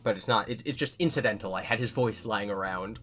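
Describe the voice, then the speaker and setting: A man's voice: lowish voice, fast, a bit bright. A man giving casual commentary as a YouTuber, answering viewer comments in a candid, self-correcting way. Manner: candid, self-correcting, talks things through.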